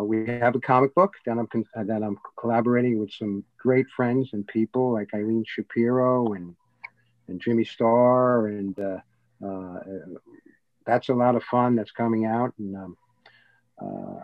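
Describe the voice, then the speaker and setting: A man's voice: mid-range voice, steady tone, moderate pace, dry recording. Rambling man on dull dry audio. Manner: rambling, many fillers and restarts. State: slightly out of breath. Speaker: guest, entertainment producer. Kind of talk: casual interview talk.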